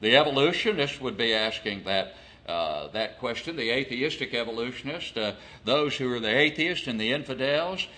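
Bright-voiced male preacher. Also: mid-range voice, animated. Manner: deliberate, asks rhetorical questions. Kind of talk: expository sermon.

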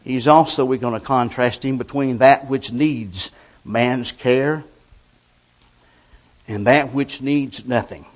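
A man preaching a sermon, slow and deliberate, swinging between loud declarations and hushed lines. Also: medium pitch.

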